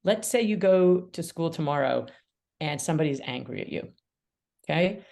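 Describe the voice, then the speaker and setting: A woman's voice: sits low, expressive, normal speed, vocal fry, warm tone. A middle-aged woman mediator and author, talking animatedly in a podcast interview, laughing often and acting out quoted dialogue. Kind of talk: conversational interview.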